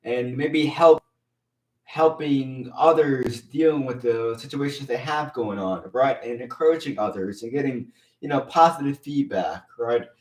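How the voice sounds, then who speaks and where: A man hosting a casual live stream, talking earnestly and haltingly, repeating himself and getting teary. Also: medium pitch, a little mellow, roomy sound, distant mic. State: teary, emotional.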